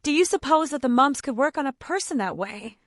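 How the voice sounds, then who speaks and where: A woman's voice: high voice, big pitch swings, moderate pace, no room sound, clean studio sound, voice pushed up. A woman doing a whimpering, fussy old cousin. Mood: fretful. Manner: moaning, wailing.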